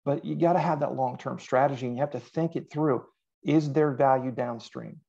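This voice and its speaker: A middle-aged man talking casually as a podcast guest, telling animated stories and quoting himself. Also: medium pitch, fairly quick, gravelly, husky, lo-fi sound. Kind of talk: casual interview chat.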